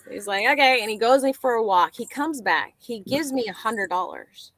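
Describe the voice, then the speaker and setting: A woman's voice: fairly high pitch, normal speed, dry recording. Woman, casual chat guest, acts out quotes, dry recording. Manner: animated, acts out quoted dialogue.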